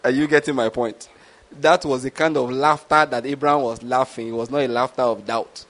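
A man preaching a sermon, animated, often checking that listeners follow his point. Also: mid-range voice, brisk. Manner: animated, keeps asking "do you get my point?".

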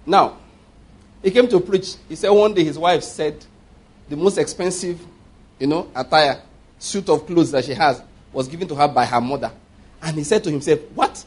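A man's voice: a little high, normal speed, long pauses, slightly rough. A Nigerian man in his fifties preaching a sermon, emphatic and often asking the congregation whether they follow his point. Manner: emphatic, keeps checking the congregation understands. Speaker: pastor.

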